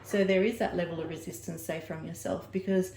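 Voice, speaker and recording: A woman's voice: lowish voice, fairly even intonation, brisk, a little mellow, reverberant. A woman giving an oracle card reading, rambling and searching for her words as she corrects herself mid-sentence. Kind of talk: personal oracle reading to camera.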